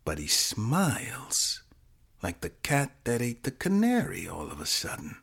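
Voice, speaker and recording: A man narrating a flash fiction podcast story in the second person, dramatic and hushed at times. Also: medium pitch, wildly swooping pitch, unhurried, gravelly, husky.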